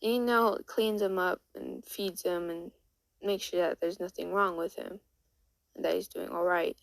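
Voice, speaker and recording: A woman's voice: lowish voice, fairly even intonation, normal speed, vocal fry, no echo, low-quality recording. A woman casually retelling a story in a rambling way, full of restarts and "and then she was like".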